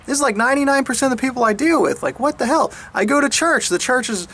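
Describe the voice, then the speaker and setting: A man's voice: lively intonation, fairly bright tone. A man in a casual monologue, laughing often and mimicking people in exaggerated voices. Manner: mocking others in higher, slower put-on voices; frequent laughter and repeated restarts. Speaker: speaker sharing his views.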